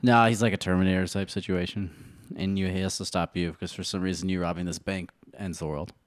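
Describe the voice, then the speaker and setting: A man acting as game master for an improvised heist scenario, reacting quickly and laughing along. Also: deep voice, little pitch movement, no echo, studio quality. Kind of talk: casual improvised comedy.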